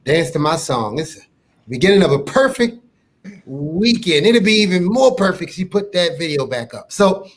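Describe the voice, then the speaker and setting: A man's voice: high-pitched, very animated, normal speed, slight background noise. A man hosting a casual online chat show, laid-back and joking, often stumbling over his words. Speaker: show host.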